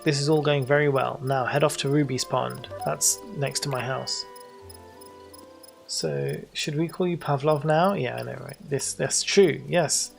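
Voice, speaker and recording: A man's voice: medium pitch, gravelly. A British man chatting with his viewers in a jokey, rambling way while he plays a game. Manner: jokey, rambling banter with chat. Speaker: streamer. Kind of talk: casual livestream chat.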